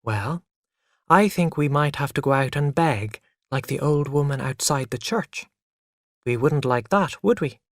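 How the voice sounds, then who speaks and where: A man reading the part of a gentle, patient young mother in a soft, soothing way. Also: fairly high pitch, expressive, unhurried, dry recording, studio quality.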